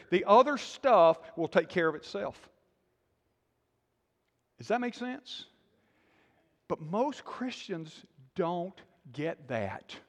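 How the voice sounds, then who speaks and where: Male pastor, high voice, emphatic sermon delivery with quiet dips, reverberant sanctuary. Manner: emphatic preaching, drops to quiet intensity, asks congregation questions.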